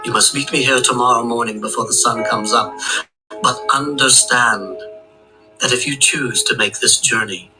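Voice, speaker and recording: A storyteller voicing a wise, solemn male eagle who speaks slowly and formally. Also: medium pitch, close to an everyday voice, rough recording. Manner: slow, grave and formal.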